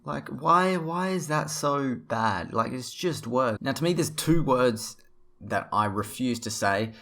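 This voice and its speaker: A man's voice: mid-range voice, expressive, slow pace, fairly bright tone. A young man talking to camera in a casual opinion vlog, rambling and blunt, swearing freely. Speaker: vlogger.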